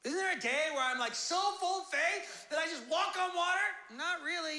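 A man preaching a sermon as pastor, casual and animated, acting out the voices of God and his listeners. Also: very high voice, moderate pace, hardly any pauses. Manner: casual, conversational preaching with fillers.

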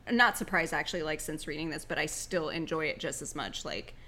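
A woman's voice: low voice, bright, forceful tone, a little hiss or hum. A woman co-hosting a podcast, chatting casually about comics with many fillers. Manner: chatty, uses fillers, quick to laugh. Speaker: podcast co-host.

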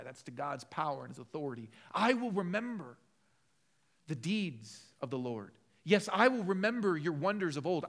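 A man preaches a sermon as pastor with passion, swinging from loud, emphatic peaks to low, conversational asides.

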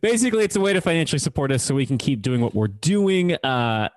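A man's voice: on the high side, lively intonation, fast talker, no echo. A man co-hosting a podcast in casual chat, with a playful, joking way of talking. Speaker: podcast co-host.

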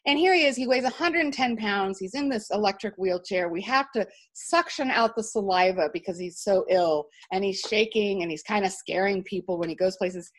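A woman telling a personal story as an interview guest, animated and emphatic, with frequent restarts. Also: mid-range voice, moderate pace, hardly any pauses. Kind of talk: storytelling in conversation.

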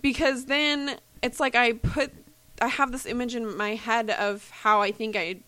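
A woman's voice: on the high side, steady tone, a little slow, bright, forceful tone, no echo. A young woman co-hosting a casual podcast chat, joking and teasing. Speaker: podcast co-host.

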